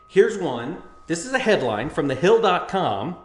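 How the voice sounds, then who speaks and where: A man's voice: on the high side, sing-song, a little slow. Folksy male farm radio co-host, echoey room. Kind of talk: casual radio chat and market report.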